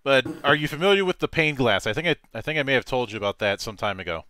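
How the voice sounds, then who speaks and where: A man's voice: medium pitch, animated, fast, sharp tone, slight background noise. A man hosting a casual interview and telling joking stories about his game table. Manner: joking, storytelling. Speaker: interview host, game master.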